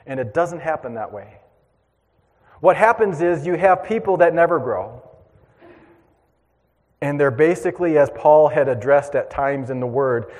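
A man preaching, telling a lively childhood story to his congregation and drawing a lesson from it. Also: medium pitch, long reverb tail. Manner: animated storyteller, acts out voices and shouts. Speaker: pastor. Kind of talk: storytelling sermon.

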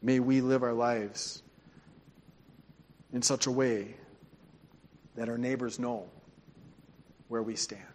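A man's voice: mid-range voice, steady tone, slow pace, long pauses, slight background noise. A man preaching a sermon as pastor, telling stories and calling on the congregation to answer back. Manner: storytelling, calls for congregation responses. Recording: long hall reverb.

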